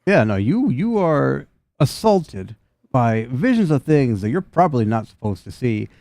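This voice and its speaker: A man's voice: mid-range voice, sing-song, unhurried, gravelly, a little mellow, no room sound. A man narrating a tabletop game as game master, playful and laughing as he talks.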